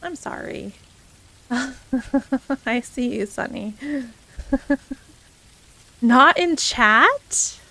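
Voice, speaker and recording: A young woman hosts a live stream in a bright, high voice, taking her time as she chats. She greets viewers by name, laughs easily and keeps a bubbly, friendly flow of casual talk. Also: animated, drawn-out words, vocal fry, long pauses. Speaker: variety streamer.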